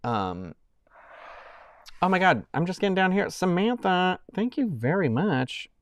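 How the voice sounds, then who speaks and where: A man's voice: high voice, big pitch swings, measured pace, no room sound. A young man chatting casually to viewers on a live stream, rambling and heartfelt, with many fillers and restarts.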